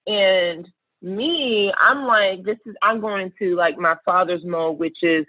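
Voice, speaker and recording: A woman's voice: mid-range voice, measured pace, no room sound. Earnest woman on a tinny line. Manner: earnest, reflective, searching for words. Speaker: podcast guest, entrepreneur. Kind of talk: personal storytelling in conversation. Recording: tinny phone-like line, dry.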